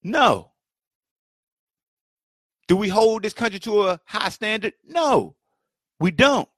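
In a dry, clean studio-sounding recording, a high-voiced man speaks slowly in a sing-song, fairly bright tone. He's hosting his own podcast via livestream from a home setup, giving impassioned solo commentary that's heated, repetitive, and full of mocking rhetorical questions.

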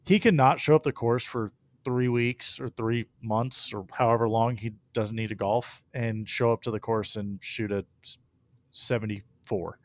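A man, a guest on a podcast, telling stories in casual chat, animated and laughing often. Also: medium pitch, normal speed, no room sound, highs cut off. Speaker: guest pitcher.

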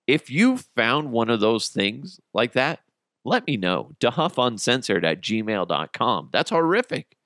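A man's voice: mid-range voice, very animated, measured pace, fairly bright tone, no echo, clean studio sound. A man hosting a podcast, telling stories in a casual, profane, comedic way and laughing at his own jokes. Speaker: podcast host.

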